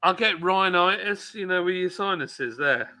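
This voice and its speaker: A man from England chats on a live stream, with a very bright, sharp tone and a voice that swoops up and down. He tells his stories with energy and laughs often, slipping into other people's voices as he goes. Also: high-pitched, normal speed. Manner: animated storyteller, laughs a lot. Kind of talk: casual live-stream chat.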